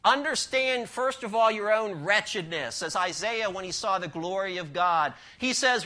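A man's voice: sits high, lively intonation, moderate pace, hardly any pauses, bright, forceful tone. A man preaching a sermon, emphatic, asking the congregation rhetorical questions and telling a story.

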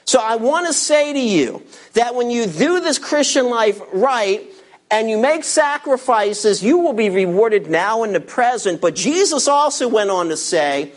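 A man preaching a sermon as pastor, animated, reading scripture and acting out quoted voices of his listeners. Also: very high voice, a little slow.

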